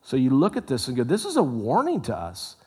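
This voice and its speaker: A man preaching a sermon, animated, swinging from loud exclamations to hushed, low asides. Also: a little fast, slightly rough. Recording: long hall reverb.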